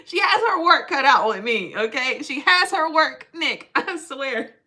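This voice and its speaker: A woman's voice: high-pitched, lively intonation, unhurried, sharp tone. Laughing, chatty woman streamer. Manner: chatty and playful, laughs often, teases viewers. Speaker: livestream host. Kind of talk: casual livestream chat with viewers.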